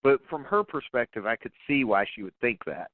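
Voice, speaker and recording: A man's voice: mid-range voice, expressive, moderate pace, no room sound. An easygoing man co-hosts a film podcast, his voice rising and falling freely. The sound is tinny and lo-fi, like a phone call. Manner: easygoing, agreeable, laughs along. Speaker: podcast co-host. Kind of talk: casual movie discussion.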